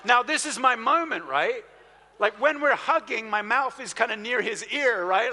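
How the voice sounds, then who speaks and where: A man preaching a sermon, telling a personal story in an animated, anecdotal way with asides to the audience. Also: extremely high pitch, a little slow. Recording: reverberant hall sound.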